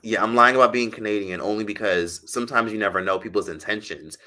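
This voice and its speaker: A man's voice: fairly low pitch, quick pace, pushed and bright. A man chatting casually on a livestream, reading comments and rambling with loose, profane talk. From United States.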